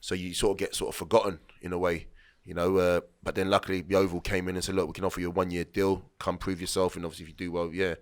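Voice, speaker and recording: Low-voiced and quick, with few pauses and little pitch movement, a man in his late thirties recounts rambling anecdotes as a podcast guest. A former footballer, he keeps it casual, restarts sentences and acts out what others said.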